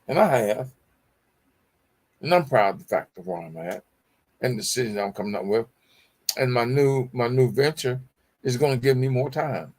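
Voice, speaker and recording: A man's voice: mid-range voice, normal speed, long pauses, darkish tone. A middle-aged man hosting a motivational talk show, preachy and repetitive, calling his listeners y'all. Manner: preachy, repeats phrases, addresses audience as y'all. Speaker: show host.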